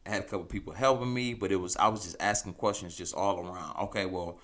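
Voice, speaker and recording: A man spins a casual story on his podcast in a lower register with a bright, forceful edge. His delivery is loose and animated, and he chuckles often. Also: fast talker. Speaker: podcast host.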